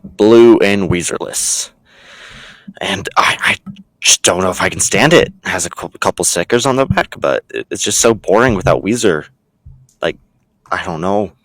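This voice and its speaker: A man's voice: deep voice, fairly bright tone, poor audio. A young man in a comedic vlog sketch who rambles and hesitates, filling his talk with ums. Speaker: vlogger.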